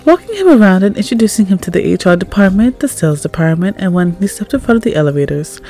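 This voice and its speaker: Lady reading fanfic out loud, low mellow voice, soft and calm, bit of music underneath. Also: fast talker, hardly any pauses. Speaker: fanfic reader. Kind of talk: reading second-person fanfiction aloud.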